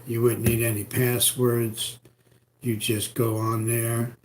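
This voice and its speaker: Man, New York accent, deep voice, flat even delivery, rambling live-stream tips, faint background hiss. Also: slow pace. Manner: rambling, repetitive, folksy advice. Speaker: computer repair host. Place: home in Florida.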